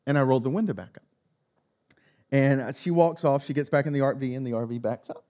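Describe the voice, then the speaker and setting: A male pastor preaching a sermon, telling a personal story in an animated, self-mocking way. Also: mid-range voice, fast.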